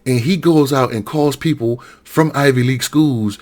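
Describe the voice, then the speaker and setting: A man's voice: mid-range voice, normal speed, darkish tone. A middle-aged man from Alabama giving a heated solo rant, often repeating and correcting himself. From Alabama, USA. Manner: heated, repetitive, self-correcting. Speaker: political commentator.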